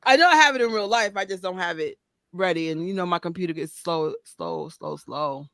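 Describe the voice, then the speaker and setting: Woman, casual chat, rambling, smooth clear voice, dry sound. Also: on the low side, fast talker, fairly bright tone, dry recording. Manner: rambling, trails off. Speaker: guest. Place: apartment with background noise.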